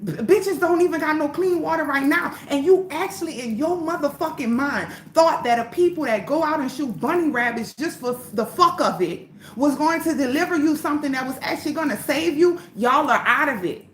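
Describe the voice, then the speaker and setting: A woman's voice: high voice, fairly quick, reverberant, slight background noise. A woman hosting a livestream, ranting in a blunt, profane and emphatic way. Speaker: livestream host.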